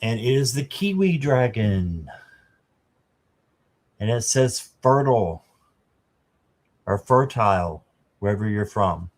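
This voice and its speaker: A man's voice: lowish voice, lively intonation, a little slow, pauses often, a little mellow. A man doing a casual live tarot reading, chatting to viewers and reading the card text aloud. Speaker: tarot reader.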